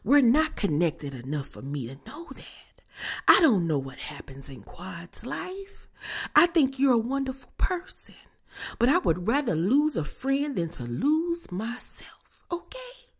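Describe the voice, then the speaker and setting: A woman mimicking a reality star who calmly refuses to cry, in a hushed, breathy, emphatic way. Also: on the low side, a little slow, full character voice. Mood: defiant.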